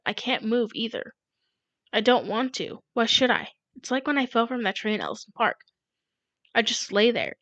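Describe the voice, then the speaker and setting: A woman reading a novel aloud in first person, with unhurried narration in a dull lo-fi recording. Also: on the high side, a bit bright, dry recording. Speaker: audiobook reader.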